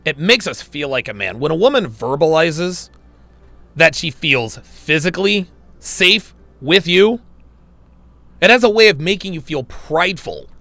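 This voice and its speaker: Gravelly, bright-voiced male stream host. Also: fairly high pitch, animated, measured pace, no room sound. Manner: emphatic, repeats phrases while building a point. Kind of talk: livestream commentary.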